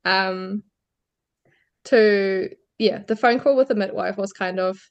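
A woman's voice: mid-range voice, takes it slowly, clean tone, highs cut off. A woman guest on a podcast, candidly recounting her birth story and laughing lightly between phrases. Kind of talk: personal birth story in an interview.

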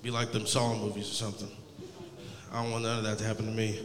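A man's voice: fairly low pitch, level tone, fast talker, long reverb tail, background noise. Rambling, profane young male stand-up comic. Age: 20s. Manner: laid-back, rambling, heavily profane. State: high. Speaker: stand-up comedian. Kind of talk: stand-up comedy set.

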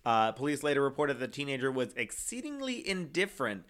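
A man's voice: medium pitch, big pitch swings, a little fast, fairly bright tone. A young man telling a true-crime story in casual chat, rambling with many fillers and reading quotes aloud. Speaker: co-host.

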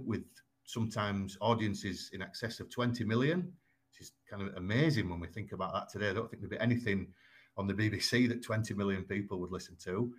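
Man, Yorkshire accent, lowish voice, measured and explanatory, frequent ums and restarts. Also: a little hiss or hum. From Yorkshire, England. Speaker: guest. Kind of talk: conversational explaining.

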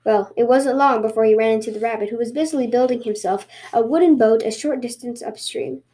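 A woman podcast host reading a folktale aloud in a lively storytelling way. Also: a little high, fairly quick.

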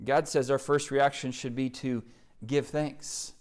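A man's voice: mid-range voice, flat delivery, a little slow. A man preaching a sermon, emphatic, reciting scripture in rising, building lists. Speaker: pastor.

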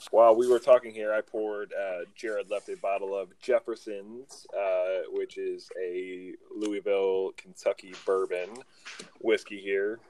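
Low-voiced man hosting a casual podcast. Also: unhurried. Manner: relaxed, many fillers, introduces segments. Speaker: podcast host. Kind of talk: casual chat.

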